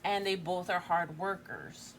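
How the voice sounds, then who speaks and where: Chatty woman in her forties, low voice. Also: measured pace, a little hiss or hum. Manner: chatty, thinks aloud, keeps asking "right?". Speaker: tarot reader. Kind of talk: casual tarot reading to camera.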